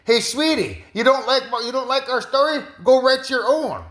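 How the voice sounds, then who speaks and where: A man voicing a gently teasing young woman's spirit in a coaxing singsong. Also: very high voice, expressive, moderate pace, pitched above the performer's own voice. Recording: roomy echo.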